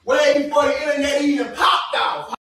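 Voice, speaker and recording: A man's voice: extremely high pitch, fairly even intonation, normal speed, fairly bright tone. A man ranting angrily and profanely to viewers on a livestream, cursing at commenters and then apologizing, speaking. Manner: profane, confrontational, repeatedly apologizing. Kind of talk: heated livestream rant.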